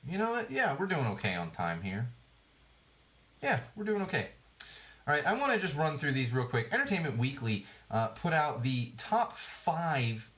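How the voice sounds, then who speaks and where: A man's voice: mid-range voice, a bit bright. A man in his thirties hosting a podcast, rambling casually and sarcastically about TV trends with lots of fillers and restarts. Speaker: podcast host. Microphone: podcast microphone.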